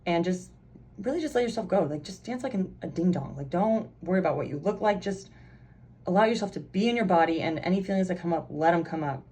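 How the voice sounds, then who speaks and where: Low, mellow-voiced woman reading tarot. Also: expressive, quick pace, breathy edge. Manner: chatty, rambling, many fillers and restarts. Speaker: tarot reader. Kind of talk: casual pick-a-card tarot reading.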